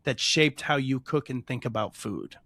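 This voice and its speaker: A man hosting a podcast, asking a slow, deliberate interview question. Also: mid-range voice, sharp tone, no echo. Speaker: podcast host.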